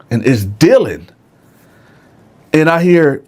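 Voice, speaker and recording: Male storyteller with a lively, wide-ranging delivery and casual, animated storytime energy. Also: medium pitch, takes it slowly, long pauses. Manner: animated, keeps asking "right?". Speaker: storyteller host.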